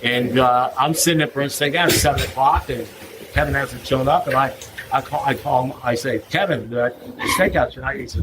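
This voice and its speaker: A man speaking at a recovery meeting, telling a humorous story to a live audience. He keeps checking in with "you know what I mean?" and jumps into a higher voice to act out what other people said. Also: brisk, background noise. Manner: acts out others' lines in a raised voice.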